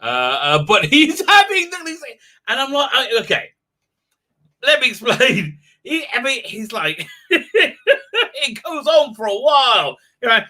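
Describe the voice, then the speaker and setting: Middle-aged man, livestream host, lively pitch, giggly rambling. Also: unhurried. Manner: giggly, rambling, with many fillers. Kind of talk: rambling comedic monologue.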